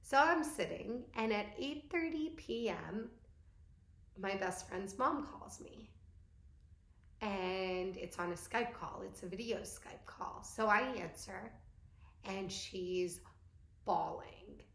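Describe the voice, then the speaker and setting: A woman's voice: mid-range voice, lively intonation, takes it slowly, vocal fry, a bit bright. A young woman vlogger telling a candid, emotional personal story in casual speech with many fillers. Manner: candid, tearful storytelling with frequent "like". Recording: echoey room.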